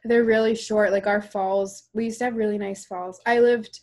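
A woman's voice: mid-range voice, fairly even intonation, normal speed, darkish tone. A woman in her thirties from Canada, co-hosting a casual chat over a call and telling stories with frequent laughs and casual swearing. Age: 30s. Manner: chatty storyteller, laughs often, swears casually. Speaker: podcast co-host. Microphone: remote call recording.

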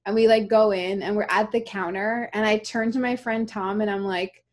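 A woman in her thirties from Canada, chatting casually on a call. She tells stories with plenty of laughter and some swearing, at a middling pitch. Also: fairly even intonation, moderate pace. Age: 30s. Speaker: podcast co-host. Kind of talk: casual chat. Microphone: remote call recording.

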